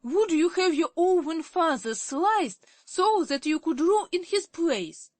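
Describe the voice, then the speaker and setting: A woman's voice: very high voice, expressive, slow pace, dry recording, voice pushed up, exaggerated voice. A woman reading an audiobook, voicing a plucky little girl who gives commands. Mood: bossy. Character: bold bossy little girl queen.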